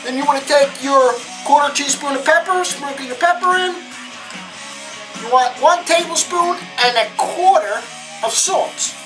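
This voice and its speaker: A woman's voice: a little slow, rough recording. A woman hosting a cooking lesson at home, chatty and upbeat, talking viewers through each step with frequent exclamations. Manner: chatty, upbeat, often exclaims "boom" and asks "okay?". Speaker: cooking show host. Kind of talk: casual cooking demonstration. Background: guitar music.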